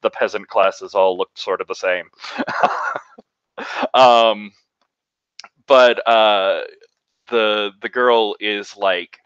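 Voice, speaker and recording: Low-voiced, hesitant player narrating. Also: male voice, fairly even intonation, extremely slow, long pauses, fairly bright tone, clear, resonant tone, no echo, lo-fi sound. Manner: hesitant, lots of fillers. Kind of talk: narrating a scene in a tabletop game.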